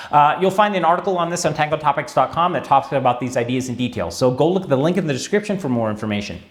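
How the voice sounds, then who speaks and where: A man teaching a tango music lesson in a chatty way, with wry asides and frequent "all right" check-ins. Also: a little high. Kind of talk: instructional video lesson.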